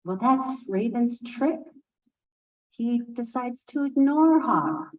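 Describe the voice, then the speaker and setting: A woman tells a traditional tale in an unhurried, expressive way, pausing for asides to her listeners. Her voice sits a little high. She is picked up from a distance off the microphone. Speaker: storyteller speaking at a conference. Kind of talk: oral storytelling of a folk tale.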